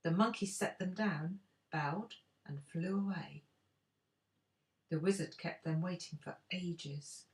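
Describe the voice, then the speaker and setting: An older woman, a grandmother, reading a storybook aloud in an expressive, unhurried way. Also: lowish voice.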